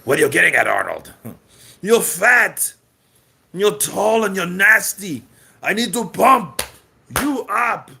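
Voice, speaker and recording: A man doing an impression of a brash, boastful bodybuilder action star who shouts his lines. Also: mid-range voice, sing-song, racing, creaky, hardly any pauses, breathy edge, heavily acted. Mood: boasting.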